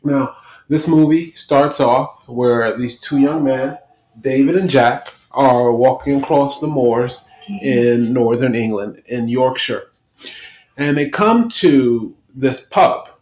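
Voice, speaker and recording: A man's voice: medium pitch, a little mellow, low-quality recording. Man hosting a casual film podcast. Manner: chatty retelling with quick asides. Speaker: podcast host.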